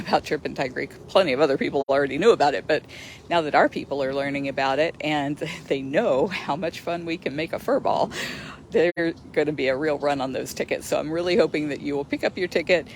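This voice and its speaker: A deep-voiced woman hosts a casual livestream from a sanctuary near a lake, chatting into her phone with lots of enthusiasm and frequent laughter. A little hiss or hum is audible.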